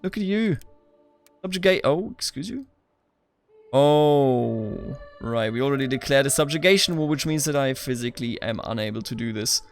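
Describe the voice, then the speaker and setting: A man's voice: mid-range voice, lively intonation, moderate pace, vocal fry, faint music behind. A young man giving casual, playful gameplay commentary as the host, chatting back at the characters on screen. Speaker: let's play host.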